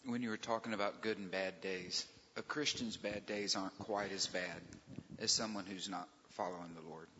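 A man's voice: deep voice, steady tone, moderate pace, sharp tone, slight background noise. A man in a group Bible class, making a lighthearted point. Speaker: Bible study participant. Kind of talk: sharing in group discussion. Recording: long reverb, dull lo-fi sound.

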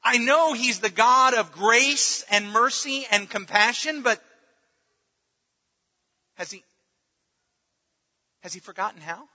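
A man preaching with a high, very bright voice, earnest and halting as he repeats his words. His voice rings with a long reverb, and the sound is dull and lo-fi. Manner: earnest, restarts words, dips to near-murmur at times. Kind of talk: sermon.

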